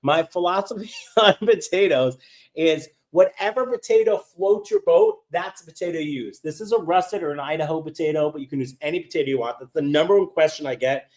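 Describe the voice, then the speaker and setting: A man's voice: on the high side, brisk. An upbeat man hosting a live cooking class, chatting and reading viewer comments as he cooks, eyes teary from cutting onions. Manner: animated, upbeat. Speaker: cooking host.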